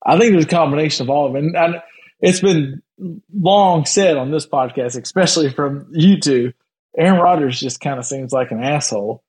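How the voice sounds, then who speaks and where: Podcast host, male, fairly high voice, quick chatty delivery. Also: darkish tone, low-quality recording. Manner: quick, conversational, runs the segment. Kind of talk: casual sports podcast chat.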